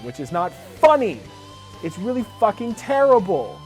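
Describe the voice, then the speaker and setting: A man's voice: high-pitched, big pitch swings, moderate pace, music in the background. A young man hosting an opinionated TV review vlog, talking in a sarcastic, ranting way. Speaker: video reviewer and host.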